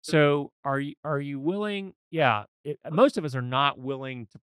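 Man, financial advisor hosting a podcast, folksy and earnest, smooth resonant voice, dry close sound. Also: a little high, moderate pace, fairly bright tone, no room sound. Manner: earnest, folksy, emphatic advice-giving. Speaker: financial advisor and show host. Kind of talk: conversational podcast discussion.

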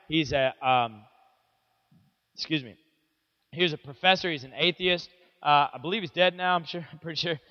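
A man's voice: a little high, normal speed, long pauses. A man teaching a Bible lesson to teenagers in a casual, joking, conversational way. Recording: echoey hall, dull lo-fi sound.

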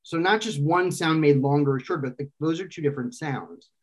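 A man's voice: on the high side, a little fast. Man explaining aloud, full of restarts. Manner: lecturing, thinks aloud with frequent restarts and self-corrections. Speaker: guest expert explaining philosophy. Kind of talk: conversational explanation.

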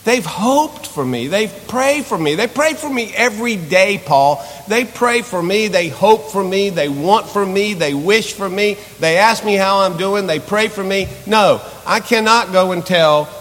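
A reluctant young disciple pleads in a faltering, repetitive rush, as a male preacher puts him on. The voice sits a little high and rings out with a long reverb. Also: lively intonation, unhurried, hardly any pauses, fairly bright tone. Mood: pleading.

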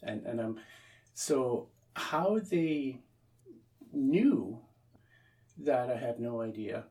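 A Canadian man, a priest, tells a personal story in an interview. His voice is gravelly and sits at a middle pitch, and he stumbles over words and starts sentences again. He sounds a little far from the microphone. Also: expressive, drawn-out words, dark tone. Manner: repeats words and restarts often, acts out quoted voices. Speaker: Anglican priest, interview guest.

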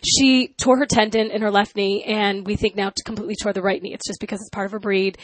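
A middle-aged woman chatting casually as a guest, telling stories with lively energy and acting out quoted lines. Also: quick pace, no room sound, poor audio. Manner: animated storyteller, acts out quotes in high voice. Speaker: talk show guest, news journalist. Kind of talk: casual chat.

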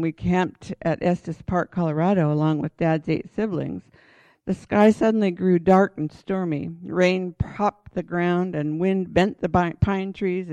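Woman Bible teacher, sermon delivery, earnest and emphatic, warm low-key tone, dull dry lo-fi sound. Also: dry recording. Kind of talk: sermon-style Bible teaching with read-aloud passages.

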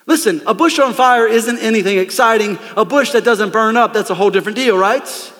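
A man preaching a lively, conversational sermon from a church stage, calling out to the congregation. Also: high voice, a little fast, big-room sound. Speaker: pastor. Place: church sanctuary.

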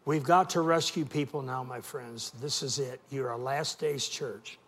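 A man's voice: medium pitch, fairly even intonation, measured pace, a bit bright. A middle-aged man preaching a sermon as a guest preacher, telling folksy stories and calling for responses from the congregation. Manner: folksy storytelling with call and response.

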